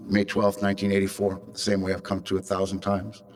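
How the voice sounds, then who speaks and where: Low-voiced guy in his 50s, from california, telling a raw, darkly funny story to a crowd. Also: completely flat delivery, a little fast. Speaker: recovery meeting speaker. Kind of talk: personal story told to a convention audience.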